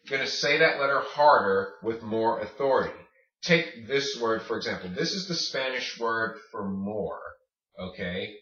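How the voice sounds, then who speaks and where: Guy teaching a language lesson, bright voice, kinda far from the mic in an echoey room. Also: on the low side. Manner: patient, repeats words slowly, checks in with "okay?". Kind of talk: casual classroom-style lesson. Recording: roomy, distant, dull lo-fi sound.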